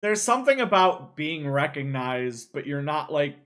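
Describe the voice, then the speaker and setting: A man's voice: fairly high pitch, big pitch swings, moderate pace, a bit bright. A young man co-hosting a casual podcast, often laughing and quoting what people told him. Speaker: podcast co-host. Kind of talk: casual chat.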